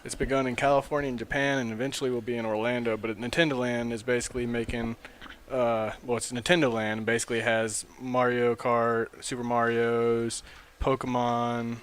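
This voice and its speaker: A man's voice: mid-range voice, flat delivery, fairly quick, fairly bright tone, clean tone. A man co-hosting a casual comedy podcast, laughing often and filling gaps with "uh". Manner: laughs a lot, says "uh" often. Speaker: podcast co-host. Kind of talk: casual chat.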